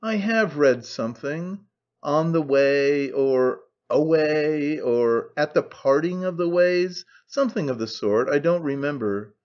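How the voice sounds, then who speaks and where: A man reading an audiobook, voicing a brash young man who speaks calmly and carelessly. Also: fairly high pitch, a little slow. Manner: calm, careless, offhand. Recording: dull lo-fi recording.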